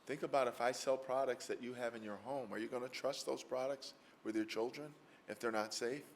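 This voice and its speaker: A man's voice: mid-range voice, fairly even intonation, brisk, slight background noise. A man from Mississippi, a lawyer giving a lecture, telling stories in a folksy way with many fillers. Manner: folksy, anecdotal, frequent fillers. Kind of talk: storytelling lecture answer. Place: lecture hall with audience.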